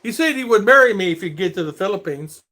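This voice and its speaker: A middle-aged man hosts a casual livestream, chatting easily and greeting viewers one by one. His voice is bright and sits a little high, and his pitch moves a lot as he talks. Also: animated, quick pace. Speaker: livestream host.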